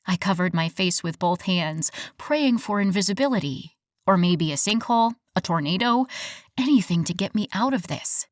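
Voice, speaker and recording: A woman narrating a first-person romance audiobook in an expressive, scripted reading. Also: mid-range voice, moderate pace, no echo, studio quality.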